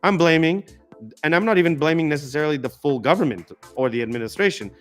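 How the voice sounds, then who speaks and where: A man hosting a live political talk stream, ranting emphatically and stumbling over restarts. His voice sits somewhat high for a man, with faint music in the background. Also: fast talker. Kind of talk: casual political commentary.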